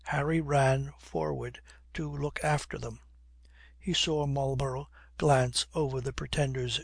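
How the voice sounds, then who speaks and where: A man reading a historical novel aloud as an audiobook narrator, measured and even. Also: mid-range voice, vocal fry, breathy edge, no room sound, clean studio sound. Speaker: audiobook reader.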